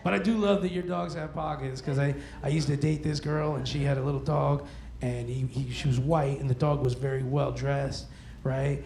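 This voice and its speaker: A man's voice: mid-range voice, steady tone, normal speed, vocal fry, darkish tone. A man doing a stand-up comedy set in a club, talking casually and crudely as he teases the crowd. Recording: echoey club room with crowd noise.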